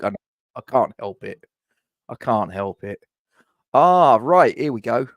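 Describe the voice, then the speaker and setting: A man's voice: medium pitch, expressive, unhurried, pauses often, no echo. A man with a London accent hosting a live, jokey, rambling football transfer chat. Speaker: fan channel host.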